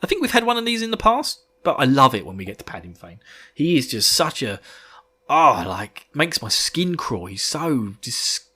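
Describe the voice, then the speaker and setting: Bright-voiced, laughing man. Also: medium pitch, normal speed, husky. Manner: excitable, laughing, swearing. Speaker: podcast host. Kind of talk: casual book-discussion chat.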